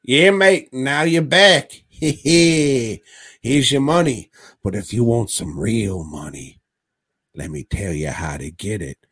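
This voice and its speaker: A man on a podcast doing a quick, pushy voice for a shady male mad-scientist doctor with mock slang. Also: extremely low pitch, animated, breathy edge, pitched below the performer's own voice, full character voice. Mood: wheedling. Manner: mock British-slang patter, fast and loud. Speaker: podcast co-host.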